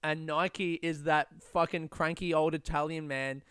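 A man with a fairly high, smooth voice hosts a solo podcast. He rants in a rambling, profane way and keeps restarting his sentences. The sound is close and dry. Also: fairly even intonation, measured pace, a bit bright, no room sound. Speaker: podcast host. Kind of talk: casual solo podcast rant.

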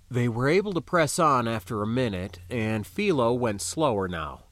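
A man narrating an audiobook in a lively, unhurried reading voice. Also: mid-range voice, dry recording, studio quality.

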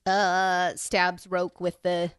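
A woman with a slightly low voice talks through a novel in easy, casual chat. She retells scenes with little restarts and fillers. The recording is dry and close, with no room sound. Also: monotone, very slow, smooth, dry recording. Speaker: podcast co-host. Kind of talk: casual book discussion.

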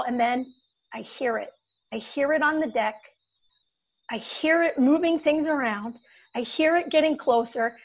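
A woman's voice: sits high, fairly bright tone, muffled recording. A woman telling a personal childhood story, building suspense and acting out her panic.

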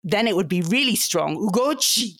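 A woman's voice: on the low side, brisk, vocal fry, no echo. A woman, a podcast guest who explains patiently and laughs often in conversation. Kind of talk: conversational interview.

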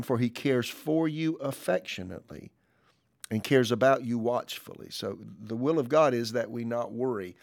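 A man preaching on a church podcast, reading scripture and quotes aloud, then commenting in a relaxed, conversational way with fillers. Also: mid-range voice, moderate pace. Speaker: pastor. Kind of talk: podcast sermon.

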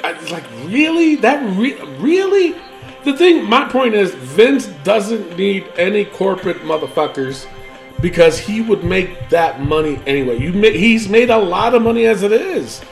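A man hosting a casual podcast with a high, lively voice that swoops around as he rants and swears freely. Faint music plays under the talk. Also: normal speed, gravelly. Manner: animated, rambling, swears freely. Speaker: podcast host. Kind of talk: casual wrestling chat.

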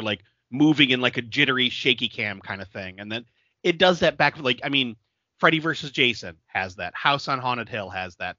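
Laughing man recapping a film, bright voice. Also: medium pitch, dry recording, highs cut off. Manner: laughs often, fills talk with "like". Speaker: podcast co-host. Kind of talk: casual chat recapping a film.

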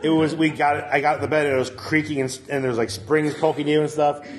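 A man's voice: fairly high pitch, little pitch movement, fast, crowd noise. A man telling a long story in casual chat, rambling with lots of fillers and laughing as he goes.

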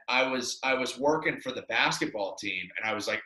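Bright-voiced rambling young man. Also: mid-range voice, expressive, a little fast, hardly any pauses, reverberant, poor audio. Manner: rambling, self-deprecating, lots of fillers. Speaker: podcast co-host. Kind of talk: casual storytelling chat.

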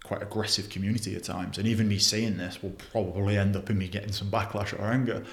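A man's voice: fairly low pitch, level tone, fast talker, roomy sound. A young man talking bluntly in a casual interview, swearing often and restarting his sentences. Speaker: podcast guest.

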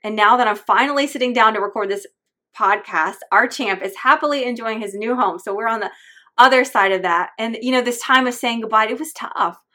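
Woman podcast host, 30s, warm-hearted faith talk, emotional and candid, slightly high voice. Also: brisk. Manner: heartfelt, openly emotional, earnest.

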